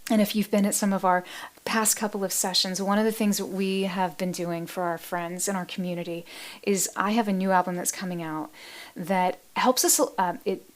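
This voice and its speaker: A woman hosting a live meditation stream, chatting casually with viewers in a soft, gentle voice that often drops to a near-whisper, affectionate and quick to laugh. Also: mid-range voice, steady tone. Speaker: meditation livestream host. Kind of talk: casual livestream chat reading viewer comments.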